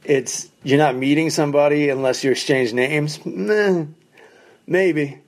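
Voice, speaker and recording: Male stand-up comic telling road stories solo, fairly high voice, wry and profane, animated. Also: unhurried. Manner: animated, acts out quoted people in raised voices. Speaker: stand-up comedian, podcast host. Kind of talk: casual storytelling monologue. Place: basement of a condo.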